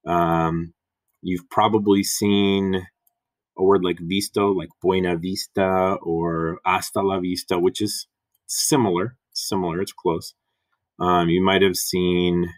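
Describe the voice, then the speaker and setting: A man's voice: sits low, steady tone, slow pace. A man teaching Spanish grammar in a recorded lesson, patiently repeating and spelling out examples.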